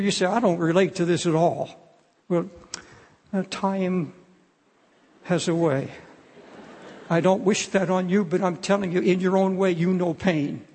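A man's voice: high-pitched, darkish tone, slightly rough. An older man preaching a sermon in an earnest, pleading way, often restarting his phrases. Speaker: pastor. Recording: long hall reverb.

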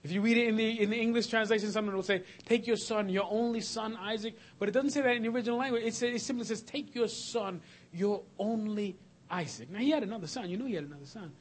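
A man preaching a sermon, swinging between loud, emphatic lists and hushed, slow passages. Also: sits high.

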